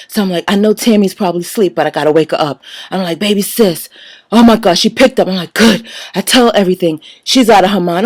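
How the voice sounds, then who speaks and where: A woman casually telling her side of a story, animated, acting out her own quoted lines and swearing freely. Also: medium pitch, fast, no echo.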